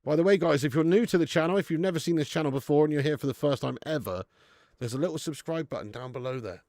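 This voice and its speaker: A man's voice: on the high side, quick pace, dry recording, studio quality. Swearing man hosting a live-stream. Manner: swears often, banters with the chat, bursts of excitement. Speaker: football watch-along host. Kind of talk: casual live-stream chat.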